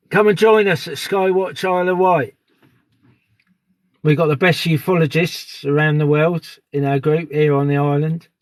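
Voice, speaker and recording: A man's voice: fairly high pitch, dry recording. A man live streaming outdoors at dusk on a phone, chatting casually and greeting viewers by name. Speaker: live streamer on a sky watch.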